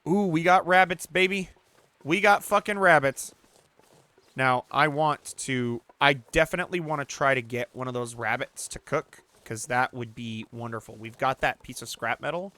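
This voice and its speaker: Male let's-play host, casual commentary, excitable and profane, with a dry, close sound. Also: mid-range voice, normal speed, no room sound. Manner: excitable, swears and shouts at misses; talks to the player character and the audience.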